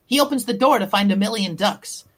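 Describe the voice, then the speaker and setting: A woman telling crude jokes in a casual, deadpan storytelling way. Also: mid-range voice, fairly quick, breathy edge. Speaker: guest.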